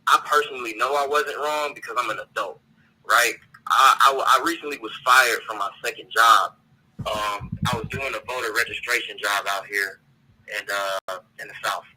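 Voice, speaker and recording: A man's voice: medium pitch, normal speed, bright, forceful tone, breathy edge, low-quality recording. A man calling in to a talk show, ranting bluntly and with profanity, often repeating words as he searches for them. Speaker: caller. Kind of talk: heated call-in rant.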